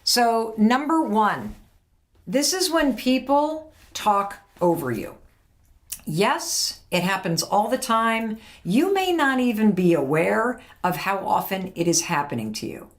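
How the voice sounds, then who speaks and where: A woman's voice: medium pitch, very animated, takes it slowly. A woman hosting a podcast, giving direct, emphatic motivational advice and acting out what partners say. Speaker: podcast host.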